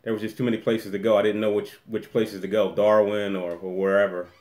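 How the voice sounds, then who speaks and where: A man's voice: on the low side, little pitch movement, a little fast, a little mellow, reverberant. A man hosting a casual live-stream Q&A from a room at home, rambling and restarting often as he reads the chat aloud. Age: adult with a daughter.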